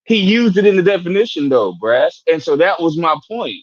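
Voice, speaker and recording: Brief: high-pitched man on a podcast panel, stop-start delivery, dry and slightly muffled sound. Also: big pitch swings, no room sound. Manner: halting, many restarts and fillers. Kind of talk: casual debate chat.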